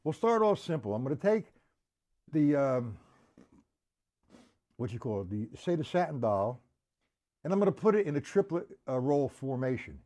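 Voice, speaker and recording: Guy running a drum lesson stream, walks thru each stroke slow, counts out loud, pitch all over the place. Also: big pitch swings. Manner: breaks patterns down step by step, counting beats aloud; speaks to chat viewers by name. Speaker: drum teacher.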